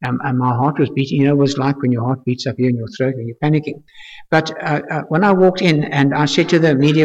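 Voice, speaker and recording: A man's voice: fairly high pitch, steady tone, fast talker. An older man, a pastor telling a testimony in earnest, storytelling fashion, repeating phrases for emphasis. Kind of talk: testimony sermon. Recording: echoey hall, dull lo-fi sound.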